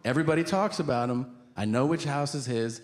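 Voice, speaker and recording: A man's voice: mid-range voice, fairly quick. Rambling male stand-up comedian. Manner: conversational, rambling, deadpan asides. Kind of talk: stand-up storytelling. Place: on stage at a live venue. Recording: reverberant venue with noisy ambience.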